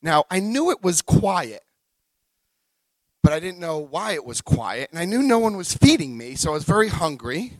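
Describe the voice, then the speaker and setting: A middle-aged man giving a personal recovery talk, an animated storyteller who acts out quotes and swings between quiet and loud. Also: fairly high pitch, moderate pace, dry recording, poor audio. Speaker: recovery speaker.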